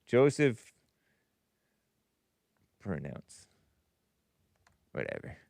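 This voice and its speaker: A man's voice: deep voice, huge pitch swings, very slow, vocal fry, a little mellow, no echo. A man hosting a call-in show in casual live-stream chat, musing aloud and stumbling over hard names.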